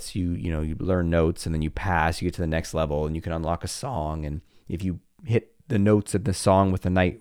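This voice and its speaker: A man's voice: sits low, darkish tone, clear, resonant tone, no echo, studio quality. A man, likely in his forties, hosting a podcast in a candid, reflective monologue with playful asides, acting out his own inner voices. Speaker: podcast host.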